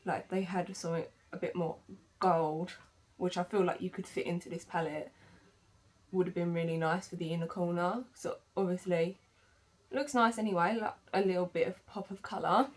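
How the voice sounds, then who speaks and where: A woman's voice: fairly low pitch, steady tone, moderate pace. A woman chatting casually through a makeup demo, with lots of fillers and self-corrections. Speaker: beauty vlogger. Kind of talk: makeup tutorial chat.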